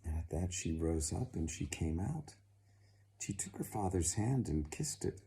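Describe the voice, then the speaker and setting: A man narrating a folk tale in a slow, dramatic, expressive storytelling manner. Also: low-pitched.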